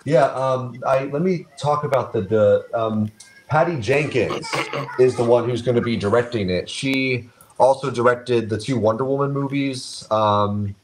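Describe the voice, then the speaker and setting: A man co-hosting a casual podcast, laying out news in a measured, informative way. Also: mid-range voice. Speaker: podcast co-host. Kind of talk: casual chat.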